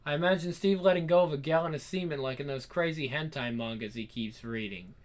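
A man reading a first-person adult comedy story aloud, animated and wry, swearing freely. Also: a little high, a little fast. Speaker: narrator.

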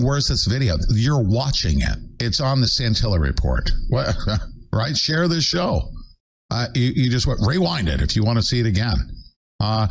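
An older man hosting his own show, ranting in a fired-up way with sudden high, loud bursts. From United States. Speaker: show host. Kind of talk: angry political livestream rant.

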